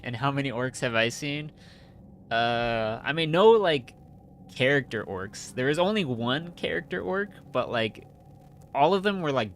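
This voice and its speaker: A man's voice: medium pitch, a bit bright. A man streaming a story-driven game, reading its narration aloud and chatting casually between lines. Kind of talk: game playthrough, reading and commentary.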